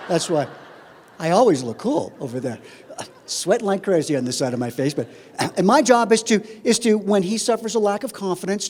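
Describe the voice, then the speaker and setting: A man, a flight instructor, giving a humorous speech at a conference, telling comic stories. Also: sits high. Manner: animated comic storyteller. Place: conference hall. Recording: reverberant conference hall.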